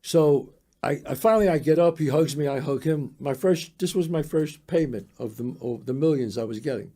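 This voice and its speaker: An older man from the Bronx, telling a story as a podcast guest in a lively, profane way, acting out the other people's voices. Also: on the high side, normal speed. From the Bronx, New York. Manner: animated, profane, acts out the voices in his story. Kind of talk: casual storytelling.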